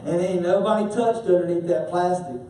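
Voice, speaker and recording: A man preaching a sermon as a pastor, telling stories with animated humor. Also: high-pitched, a little fast, a little hiss or hum. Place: church sanctuary. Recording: echoey church hall from far off.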